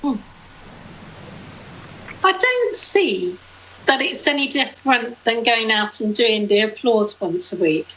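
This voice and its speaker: Chatty, fairly high-voiced female co-host. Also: moderate pace, hardly any pauses, fairly bright tone, dull audio, a little hiss or hum. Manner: chatty storyteller, laughs easily. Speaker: podcast co-host. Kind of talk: casual chat.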